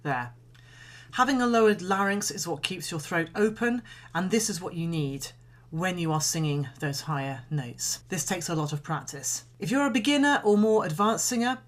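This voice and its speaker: Calm woman teaching singing. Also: lowish voice. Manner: calm, measured instruction with demonstrations. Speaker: singing coach. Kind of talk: instructional voice lesson.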